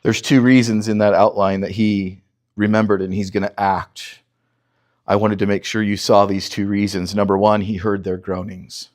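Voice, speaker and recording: A male pastor preaching an expository sermon. He reads scripture aloud and urges listeners to look closely at each verse. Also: lowish voice. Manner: animated teaching, urges listeners to read verses critically.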